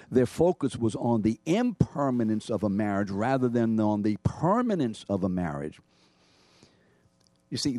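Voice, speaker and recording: A man preaching a sermon as pastor, emphatic, rising and dropping in pitch and loudness. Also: no room sound.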